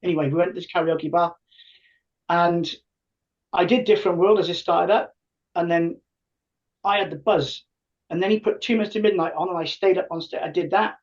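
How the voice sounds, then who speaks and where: Speaking briskly with frequent pauses, a high-voiced podcast guest in his fifties, a tribute band singer, shares casual stories and performs the lines of people he quotes. The audio is muffled and lo-fi, with the mic placed at a distance.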